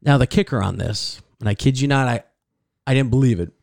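A man's voice: mid-range voice, a little fast, vocal fry, a little mellow, no echo, studio quality. A man from the American Midwest co-hosting a casual podcast, telling a rambling story and getting flustered when teased. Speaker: podcast co-host. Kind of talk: casual chat.

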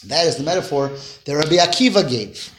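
Man, Torah teacher, animated storyteller, high swooping voice, echoey room. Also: brisk, a little hiss or hum. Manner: animated, tells stories with voiced quotes and Hebrew phrases. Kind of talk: informal class storytelling.

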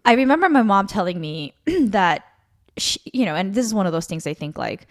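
A woman's voice: medium pitch, lively intonation, brisk. A woman co-hosting a podcast, sharing a personal story in a rambling, chatty way full of fillers and self-corrections. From Korea. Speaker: podcast co-host. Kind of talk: casual testimony chat.

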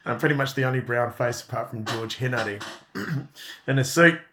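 A man in his fifties with a New Zealand accent telling stories as a podcast guest, chuckling and self-deprecating and often clearing his throat. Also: mid-range voice, normal speed, background noise. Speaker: guest actor. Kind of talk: relaxed anecdotal storytelling.

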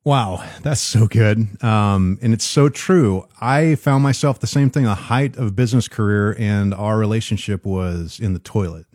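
A man with a low, mellow voice hosts an interview, affirming his guest and asking conversational follow-up questions. The sound is dry and close. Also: unhurried, hardly any pauses, no room sound. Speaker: podcast host.

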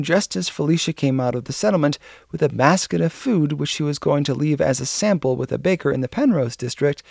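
Gravelly male audiobook narrator. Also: a little high, darkish tone, no room sound, clean studio sound.

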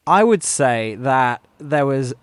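A man's voice: medium pitch, lively intonation, clean tone, no echo. Chatty British man, dry close sound. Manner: chatty, jokey, quick to laugh. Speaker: podcast guest. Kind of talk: casual chat.

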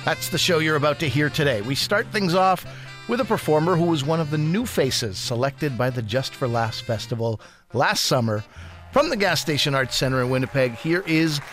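A man's voice: on the high side, expressive, moderate pace, fairly bright tone. Upbeat male podcast host over music. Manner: upbeat and welcoming. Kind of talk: scripted show introduction.

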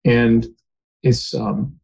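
Male guest, mid-pitch, mellow tone; earnest, heartfelt storyteller. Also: level tone, drawn-out words, creaky, poor audio. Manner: earnest, emotional retelling. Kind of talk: personal storytelling in conversation.

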